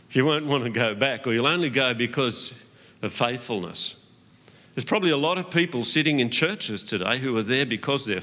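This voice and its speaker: Male pastor, bright earnest sermon voice, long church-hall reverb, slightly dull recording. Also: mid-range voice. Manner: earnest, with light laughs and asides to the congregation. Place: church auditorium.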